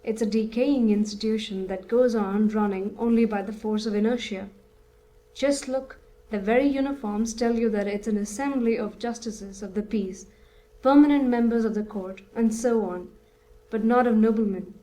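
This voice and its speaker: A woman voicing an older male country landowner in an audiobook, calm, resigned and sure of his views. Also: fairly high pitch, normal speed, close to an everyday voice, rough recording.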